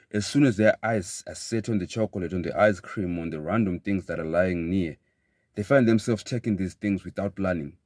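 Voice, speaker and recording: A man giving a motivational talk in an emphatic way, often repeating phrases and building to excited bursts. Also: low-pitched, no room sound, studio quality. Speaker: motivational speaker.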